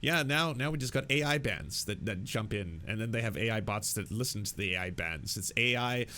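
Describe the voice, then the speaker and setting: Young guy ranting, sarcastic, swears a lot, lowish voice, bit of background hum. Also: lively intonation, brisk, bright, forceful tone. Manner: sarcastic, profane and exasperated. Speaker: political commentary host. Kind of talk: ranting video commentary.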